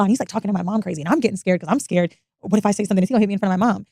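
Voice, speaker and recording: A woman speaking very fast as she openly tells a personal story in a podcast chat. Her voice sounds mellow and dark, and it is recorded dry and close. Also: medium pitch, fairly even intonation, creaky, no room sound. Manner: candid, rapid, confessional.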